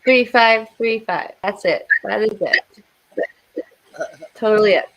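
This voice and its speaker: A woman's voice: mid-range voice, slow, fairly bright tone, no echo, muffled recording. A woman hosting a casual livestream chat, emotional and prayerful, blessing her viewers, with a cough. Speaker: livestream host.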